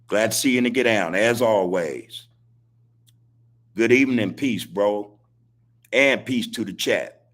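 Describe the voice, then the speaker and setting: A man hosting a live-stream podcast, preaching in casual street talk and repeating his points, with a husky voice. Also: on the low side, unhurried, pauses often, fairly bright tone. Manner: preachy, repetitive street talk, laughs as he speaks. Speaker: podcast host.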